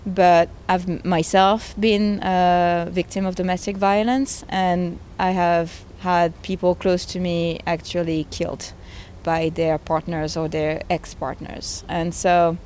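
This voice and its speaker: Her voice is on the low side, a little mellow, and fairly flat in pitch, and she speaks slowly. She's a woman in her thirties who makes games, answering a conversational interview earnestly, emotionally, and with conviction over faint background noise.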